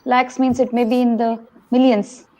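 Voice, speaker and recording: A woman's voice: a little high, flat delivery, normal speed, dark tone. A woman answering as a panel guest, matter-of-fact and repeating words as she goes. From India.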